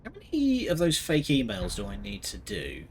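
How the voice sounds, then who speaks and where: A man's voice: fairly high pitch, wildly swooping pitch, moderate pace, slight background noise. A man giving casual let's-play commentary, joking and sarcastic, swearing freely. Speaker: gaming video host.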